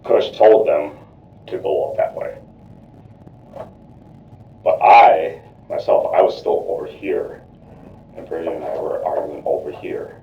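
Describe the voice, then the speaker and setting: A man's voice: extremely low pitch, a little slow, creaky, long pauses. A man under police questioning, rambling and repeating himself as he talks through what happened, full of "you know, like". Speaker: murder suspect under questioning. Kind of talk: rambling account in a police interrogation. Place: police interrogation room. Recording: echoey, distant, lo-fi interrogation room.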